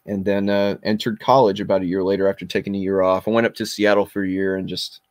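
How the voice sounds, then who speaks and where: Podcast guest: man in his 40s, low voice, dry close sound, blunt and intense storytelling. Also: level tone, fast talker, no echo. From Kentucky. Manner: blunt and intense, with frequent fillers. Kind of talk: personal storytelling.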